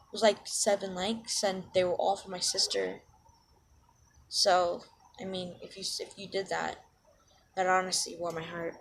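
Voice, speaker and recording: A woman's voice: mid-range voice, a little hiss or hum. A woman in a casual vlog, rambling and self-deprecating, full of ums and side-tracks, talking into a cheap headset mic. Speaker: channel owner.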